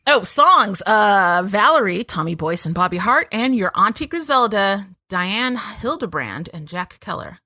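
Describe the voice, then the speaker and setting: Animated, bright-voiced woman podcast host. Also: mid-range voice, measured pace, hardly any pauses, no echo. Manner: laughs often, chatty and animated. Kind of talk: casual podcast chat.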